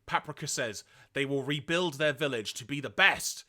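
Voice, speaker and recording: A man co-hosting a podcast, retelling episodes in a lively way and acting out quoted lines. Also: normal speed. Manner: lively storytelling, acts out quoted lines in high voices. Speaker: podcast co-host. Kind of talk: casual podcast recap.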